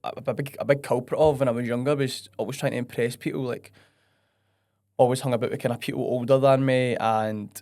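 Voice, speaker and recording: A man's voice: mid-range voice, steady tone, a little fast, darkish tone. A young man with a West of Scotland accent, a podcast guest chatting casually and bluntly, swearing and using lots of fillers. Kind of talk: casual chat.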